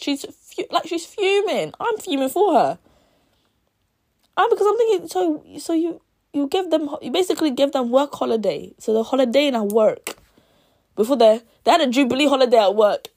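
A woman's voice: high voice, lively intonation, moderate pace, darkish tone. A young woman in a casual video, chattily retelling a novel's plot and acting out the characters' lines as she goes. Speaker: book reviewer.

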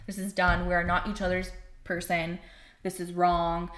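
A woman's voice: fairly low pitch, normal speed. Candid, swearing young woman in an echoey room. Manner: candid, animated, swears freely, many fillers. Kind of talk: casual storytelling chat.

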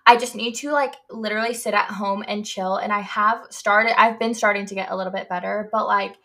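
A woman's voice: mid-range voice, fairly even intonation, fairly quick, bright, forceful tone. A young woman co-hosting a podcast, chatting casually and filling her speech with "like" and "you know". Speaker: podcast co-host. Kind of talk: casual chat.

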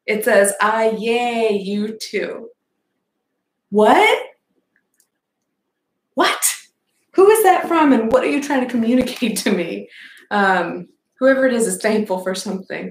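A woman's voice: medium pitch, gravelly. A young adult woman hosting a casual podcast livestream, chatting in a rambling way and reading out viewer comments. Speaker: podcast host. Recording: echoey room with faint background noise.

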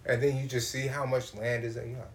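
A man's voice: mid-range voice, quick pace, a little hiss or hum. Profane man telling a comic story. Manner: animated, swears a lot, acts out voices.

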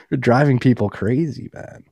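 A man's voice: medium pitch, unhurried, gravelly, darkish tone, slightly rough, dry recording. A man co-hosting a podcast in casual, profane banter, rowdy and laughing often. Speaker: podcast co-host.

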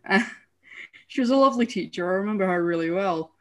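A woman's voice: mid-range voice, animated, a little fast, a bit bright. A woman telling school stories in casual chat, laughing often as she talks.

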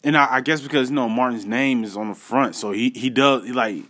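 A man tells a personal story in an easygoing, animated way. He talks straight to his audience with a mid-range voice, slangy asides and loose fillers. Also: mid-range voice, brisk. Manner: animated, addresses viewers directly with slangy asides. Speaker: vlogger. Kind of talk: casual storytelling to camera.

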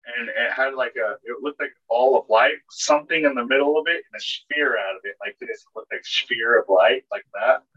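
A man's voice: medium pitch, brisk, hardly any pauses, sharp tone, husky. A man, co-hosting a podcast and telling a story in a casual, rambling way, full of filler words and swearing. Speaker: podcast co-host. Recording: dull lo-fi podcast audio.

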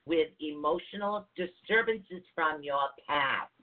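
A woman who is a holistic counselor, co-hosting a casual chat on spiritual growth in a chatty, animated way. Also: sits low, slow. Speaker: podcast co-host, holistic counselor. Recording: tinny phone-like audio.

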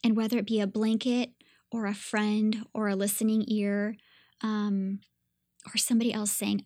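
Woman, 30s, devotional podcast host. Earnest and warm-hearted, with a level delivery and a dry, close sound. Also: mid-range voice, little pitch movement, moderate pace, no room sound. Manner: earnest and gentle, inviting listeners to reflect. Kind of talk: reflective devotional podcast talk.

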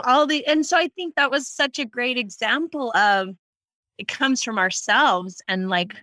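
An earnest woman chats on a podcast, with some stops and restarts. Her voice is bright and mid-pitched, and the sound is dry. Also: no echo. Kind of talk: casual podcast conversation.

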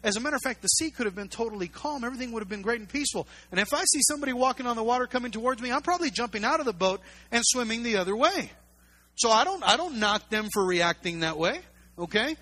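A pastor preaching a sermon, emphatic and repetitive, full of rhetorical questions. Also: male voice, extremely high pitch, expressive, fast, pushed and bright.

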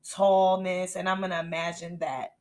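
Animated young woman telling a story. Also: lowish voice, moderate pace, very noisy. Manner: animated storyteller, laughs often. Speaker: podcast co-host. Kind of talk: casual chat.

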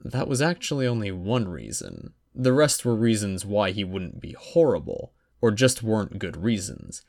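A man narrating a fan fiction audiobook in a wry, even storytelling manner. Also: fairly low pitch, normal speed, vocal fry.

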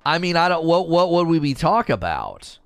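A man's voice: a little high, huge pitch swings, moderate pace, clean tone, no echo. A man livestreaming in casual chat, teasing and bantering with his viewers as he reads their comments.

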